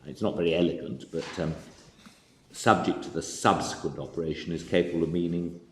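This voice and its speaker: A male judge with a very low voice asks counsel a hesitant, probing question. The sound is roomy with a long reverb tail and faint background noise. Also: steady tone, fairly quick. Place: courtroom.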